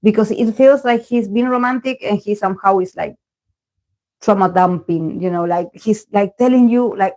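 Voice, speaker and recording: A woman's voice: medium pitch, moderate pace, warm tone, low-quality recording. Chatty woman tarot reader on a live stream. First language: Spanish. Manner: rambling, many fillers and self-corrections. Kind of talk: casual live-stream chat.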